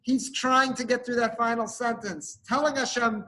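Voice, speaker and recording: A man's voice: extremely high pitch, steady tone, normal speed, few pauses, bright, forceful tone, poor audio. A male rabbi giving a sermon, telling an emotive story and sprinkling in Hebrew and Yiddish terms.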